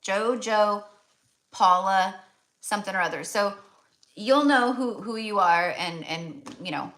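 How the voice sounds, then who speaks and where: A woman's voice: mid-range voice, a little slow, fairly bright tone. A woman hosting a live tarot reading stream, chatty and affectionate, talking with many fillers and checking in with "okay?".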